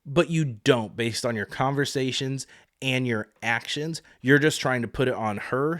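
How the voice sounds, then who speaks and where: A man's voice: medium pitch, no room sound, studio quality. A man hosting a podcast, giving a casual, opinionated solo recap of a reality show and swearing freely. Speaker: podcast host.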